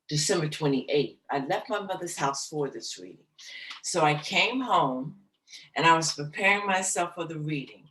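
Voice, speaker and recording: A middle-aged woman, a jazz singer as guest, slowly and emotionally telling a personal story in an interview. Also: low-pitched, roomy sound, recorded from a distance, poor audio. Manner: slow, soft, emotional recounting. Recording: voice slightly off-mic, faint background noise.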